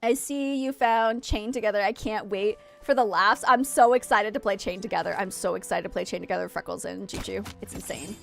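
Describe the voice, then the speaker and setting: A woman streaming and chatting casually with her viewers, frank and quick to vent. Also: mid-range voice, vocal fry, faint music behind. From United States.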